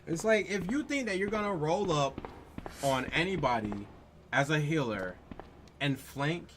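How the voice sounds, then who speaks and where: A man's voice: on the high side, lively intonation, a little slow, a bit bright. Exasperated let's play host, man, profane rant over a noisy mix. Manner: exasperated, profane, repetitive rhetorical questions. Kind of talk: ranting gameplay commentary.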